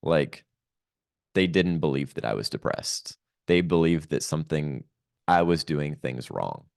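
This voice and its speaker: A man, a podcast guest, telling a painful personal story in a reflective, halting way with many pauses. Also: extremely low pitch, animated, gravelly, darkish tone, no echo, clean studio sound.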